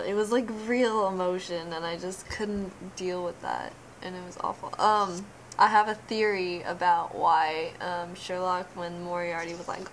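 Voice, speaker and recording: A woman's voice: fairly low pitch, fairly even intonation, normal speed, hardly any pauses, poor audio. Young woman, casual vlogger, gushy and emotional, keeps trailing off; light hiss on the track. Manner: gushing, emotional, trailing off mid-sentence. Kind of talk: casual reaction vlog.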